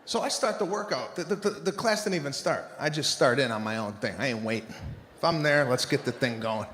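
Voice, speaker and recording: A man doing stand-up comedy, telling stories in an animated, exasperated way before a live audience. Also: mid-range voice, a little fast. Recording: echoey hall with live crowd and noise. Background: audience laughter.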